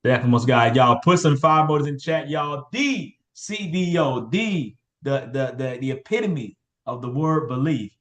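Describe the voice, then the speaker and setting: A man's voice: mid-range voice, lively intonation, moderate pace, hardly any pauses, fairly bright tone. A man hosting a motivational team call over video, hyping people up and repeating names and phrases. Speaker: call host.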